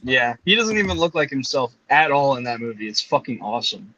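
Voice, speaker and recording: A man's voice: medium pitch, big pitch swings, fairly quick, pushed and bright, highs cut off. A young man calling in from a campsite, chatting easily, swearing casually and laughing at his own jokes. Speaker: guest on a call. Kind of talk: casual chat. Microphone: online call.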